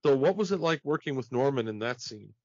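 A man's voice: mid-range voice, lively intonation, brisk, a little mellow, no echo. A man hosting a podcast, asking detailed fan questions in a casual chat. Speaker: podcast host. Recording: dry, muffled lo-fi audio.

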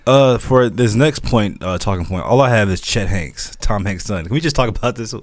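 A man co-hosting a film podcast, reading out news items quickly and casually with jokes. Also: on the low side, lively intonation, dry recording. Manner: quick, joking, reads out news points. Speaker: podcast co-host. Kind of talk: casual chat.

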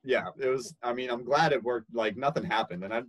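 A young man casually telling a story, lively and laughing, acting out quoted voices. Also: mid-range voice, a little fast, no echo, poor audio.

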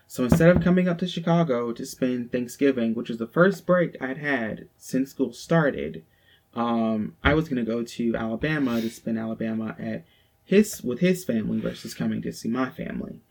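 A man's voice: mid-range voice, gravelly. A young man with a Southern accent telling a personal story to his co-host in a frank, profane, casual way, full of "like". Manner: frank, profane, heavy use of "like". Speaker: podcast co-host.

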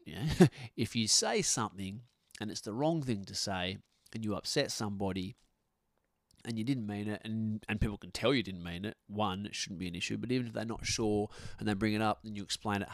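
A man's voice: lowish voice, a little fast, no echo, studio quality. A middle-aged man, hosting a podcast in a blunt, sweary, rambling way full of restarts. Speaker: podcast host. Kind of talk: casual podcast rant. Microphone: podcast microphone.

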